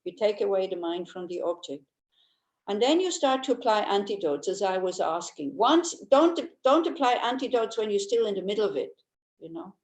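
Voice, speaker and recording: A woman's voice: medium pitch, expressive, moderate pace, a little mellow. An older woman giving an informal Buddhist teaching. She is chatty and humorous, telling anecdotes and laughing easily. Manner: chatty and anecdotal, with frequent restarts. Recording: roomy echo.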